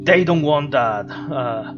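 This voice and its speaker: A man's voice: a little high, lively intonation, slow. A man voicing a courteous half-dragon guild merchant who coaxes travellers to work for coin. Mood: coaxing. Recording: dull lo-fi with music behind.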